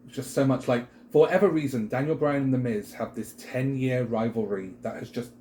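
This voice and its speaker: A man's voice: mid-range voice, a little fast, a little hiss or hum. A British man co-hosting a wrestling chat show, talking casually and rambling with lots of fillers. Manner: rambling, filler-heavy, animated.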